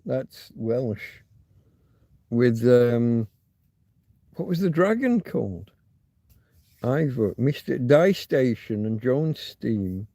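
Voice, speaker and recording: A man's voice: medium pitch, lively intonation, extremely slow, long pauses, dark tone, dry recording. A man hosting a loose livestream, thinking aloud and muttering asides as he reads viewers' chat. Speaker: livestream host. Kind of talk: rambling live chat with viewers.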